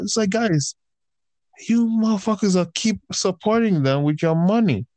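A man's voice: on the high side, expressive, moderate pace, darkish tone, no echo. A man ranting in casual chat, heated and profane, swinging between raised outbursts and tired, fed-up grumbling.

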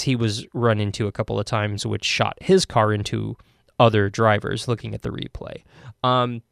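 A man hosting a racing podcast tells a story in a casual, animated way, full of ums and uhs. His voice sits in a middle pitch. The recording is dry and close. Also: dry recording. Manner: animated, many fillers, acts out quotes in a high shout.

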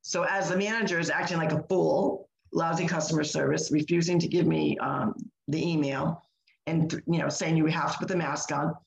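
A woman's voice: deep voice, steady tone, moderate pace, vocal fry. A woman co-hosting a podcast, telling an indignant story in casual chat, full of fillers and restarts. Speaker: podcast co-host. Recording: echoey room.

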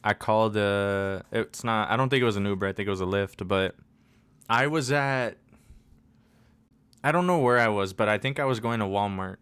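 A man's voice: on the low side, moderate pace, a bit bright, clear, resonant tone. A man co-hosting a podcast, telling a rambling story in casual chat, swearing and laughing as he goes. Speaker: podcast co-host.

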